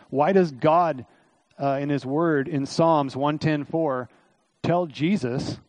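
A middle-aged man delivers a sermon in a loose, conversational style, full of asides and fillers. His voice sits somewhat high for a man and sounds slightly hoarse. The sound is dry and close, with little room echo. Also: a little mellow. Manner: conversational, folksy preaching with frequent fillers and asides. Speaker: pastor.

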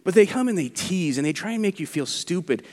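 A man preaching a sermon as pastor, animated and conversational, acting out what mockers say. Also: high-pitched, fairly quick, big-room sound. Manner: animated, acts out mockers' quotes.

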